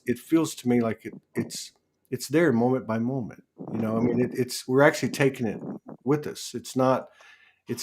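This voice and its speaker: Rambling man telling a story, faint hiss. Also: mid-range voice. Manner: rambling, restarts often, laughs while telling stories. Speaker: host. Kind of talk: casual spiritual chat.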